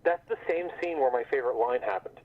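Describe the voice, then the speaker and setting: A man's voice: medium pitch, quick pace. A man co-hosting a casual review podcast. He gives blunt, profane opinions and stumbles over how he starts his sentences. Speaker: podcast co-host. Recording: tinny phone-like audio.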